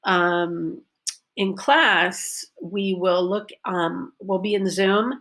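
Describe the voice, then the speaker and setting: A woman teaching a pronunciation lesson, modelling sentences and stressing focus words deliberately. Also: on the low side, a bit bright. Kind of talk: recorded online lesson.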